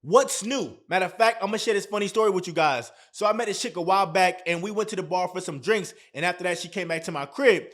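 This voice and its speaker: High-voiced man giving punchy pep talk. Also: quick pace, hardly any pauses, a bit bright. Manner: emphatic and repetitive, heavy slang. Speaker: relationship advice vlogger. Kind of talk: motivational advice talk to camera.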